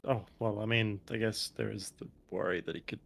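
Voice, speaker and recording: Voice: mid-range voice, steady tone, fairly quick, vocal fry. A man voicing a cautious, reasonable woman adventurer in a tabletop game, speaking hesitantly.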